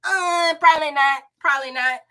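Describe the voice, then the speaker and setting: A woman with a Southern accent talks through her recent reads in a loose, animated way. Her voice is bright and forward, with a playful, chatty tone aimed straight at her viewers. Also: high voice, moderate pace. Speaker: book reviewer. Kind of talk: casual chat.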